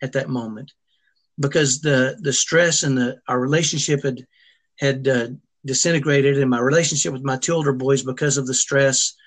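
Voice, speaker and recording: A man's voice: medium pitch, fairly even intonation. A middle-aged man telling a personal family story as an interview guest, earnest and emotional, often restarting his sentences. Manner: earnest, halting, with frequent restarts.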